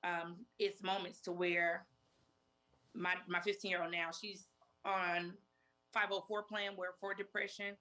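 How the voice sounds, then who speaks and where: A woman's voice: lowish voice, level tone, measured pace, pushed and bright. Emotional woman in her forties. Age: 40s. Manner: emotional, retells talks in quotes with many repeats. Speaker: guest. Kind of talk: personal story in an interview.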